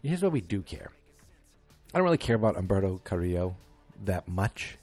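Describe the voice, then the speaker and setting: A man's voice: low voice, big pitch swings, normal speed, a little mellow, faint music behind. A middle-aged man hosting a podcast, chatting casually and wryly, rambling with many fillers and self-deprecating asides. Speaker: podcast host. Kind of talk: casual wrestling chat.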